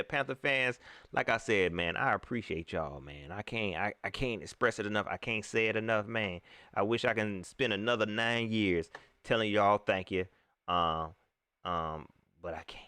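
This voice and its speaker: A man hosting a casual live-stream sports talk show, animated and repeating phrases, often laughing. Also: on the low side, moderate pace, clear, resonant tone, no room sound. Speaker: sports fan show host.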